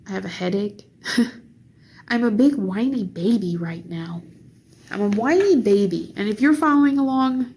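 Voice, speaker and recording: A tired young woman in a casual vlog, venting slowly between sighs about a rough day on her diet. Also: medium pitch, darkish tone, a little hiss or hum. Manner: slow, weary, sighing. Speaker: vlogger.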